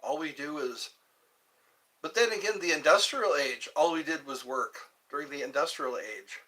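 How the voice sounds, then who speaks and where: An older man hosting a livestream, rambling casually and joking to himself in a slow, meandering way. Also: fairly high pitch, animated, bright, forceful tone, poor audio. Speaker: livestream host.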